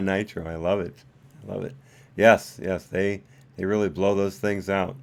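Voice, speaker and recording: A man's voice: low-pitched, steady tone, measured pace, vocal fry. A man hosting a live stream, commenting casually with many hesitant fillers. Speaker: host.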